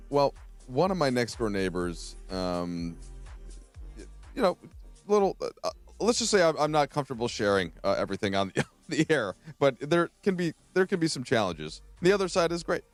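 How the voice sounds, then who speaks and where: A man's voice: medium pitch, big pitch swings, moderate pace, long pauses, soft background music. A man co-hosting a sports radio show, chatting in a wry, sometimes hesitant way. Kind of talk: radio talk show chat.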